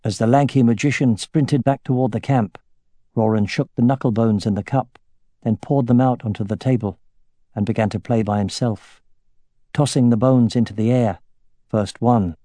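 A man narrating a fantasy audiobook in a measured, steady way. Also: on the low side, no room sound, studio quality.

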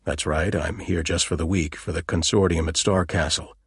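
A man's voice: sits low, steady tone, normal speed, a bit bright, breathy edge, no echo, studio quality, full character voice. A man voicing an irritated, proud American anthropologist who answers in a clipped, defensive way.

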